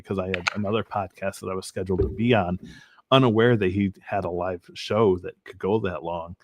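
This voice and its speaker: Low-voiced earnest man telling his story. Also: steady tone. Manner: earnest, halting, with frequent ums and restarts. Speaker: podcast guest. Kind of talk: personal faith testimony in an interview.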